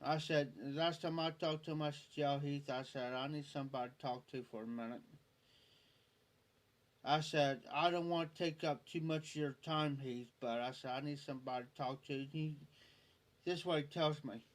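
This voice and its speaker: On a live stream, a man with a fairly high pitch and fairly even intonation talks at a moderate pace. He shares a personal anecdote casually, meandering, repeating himself often and relaying others' words.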